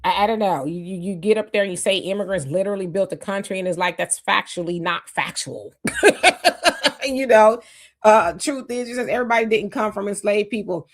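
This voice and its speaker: A woman's voice: medium pitch, normal speed. A woman co-hosting a live stream in casual talk, reading viewer comments aloud and greeting people by name. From United States. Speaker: livestream co-host.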